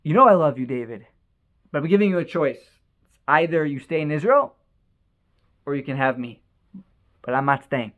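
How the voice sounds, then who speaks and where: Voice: medium pitch, expressive, moderate pace, pauses often, narrow, tinny audio, pitched below the performer's own voice, close to an everyday voice. A storyteller voicing a young woman who loves her partner but stands firm. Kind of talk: storytelling, quoted dialogue.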